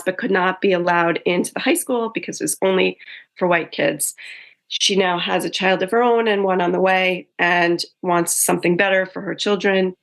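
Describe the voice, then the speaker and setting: A woman's voice: fairly low pitch, gravelly. A woman author in a casual interview, telling her story in a chatty way and often correcting herself mid-sentence.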